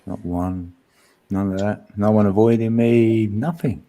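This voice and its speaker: A man's voice: on the low side, fairly even intonation, a little slow, mellow, a little hiss or hum. A man who hosts an online chat, talking casually with wry, dry jokes and an easygoing manner. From east London area. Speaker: online creator hosting a chat.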